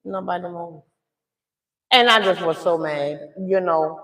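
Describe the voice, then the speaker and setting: A middle-aged woman on a livestream, retelling a family story in a dramatic, animated way and often asking viewers "okay?". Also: on the low side, unhurried. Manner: dramatic, animated retelling that swings from loud outbursts to hushed asides; addresses viewers directly, often checking in with "okay?". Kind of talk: casual storytime. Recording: echoey room.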